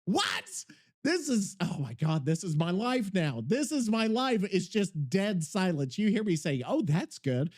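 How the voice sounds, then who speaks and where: A podcast host talks in a high, sing-song voice with a darkish tone, moving at normal speed with hardly any pauses. He rambles casually and swears often, breaking off mid-thought as he works on something while talking, scattered and self-interrupting.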